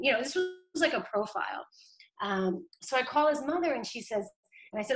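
A woman's voice: on the high side, lively intonation, a bit bright. A woman from Boston, a communications director, talking casually in an interview with lots of "like" and "you know". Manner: chatty, many "like" and "you know" fillers, quick laughs. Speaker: city council communications director.

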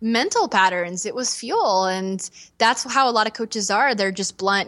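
A young woman speaks as a podcast guest in an earnest, heartfelt way. She talks with animation and slips into the voices of people she quotes. Her pitch sits in a middling range. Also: animated, moderate pace, a bit bright. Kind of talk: candid podcast interview.

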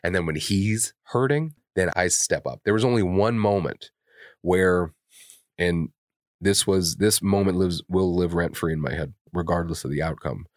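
On a podcast, a co-host with a very deep male voice speaks casually and candidly at a moderate pace. He is blunt, swears constantly, and shows his emotions openly. The recording is close and dry, with no room sound.

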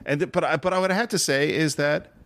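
A man's voice: a little high, fast talker, no room sound. A middle-aged man co-hosting a casual podcast, retelling film scenes with feeling. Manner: animated storyteller, recounts scenes and quotes lines. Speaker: podcast co-host.

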